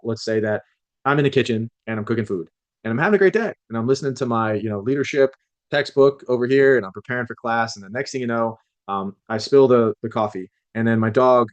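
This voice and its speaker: A man lecturing a class on leadership, talking conversationally, often restarting and acting out quotes. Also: mid-range voice.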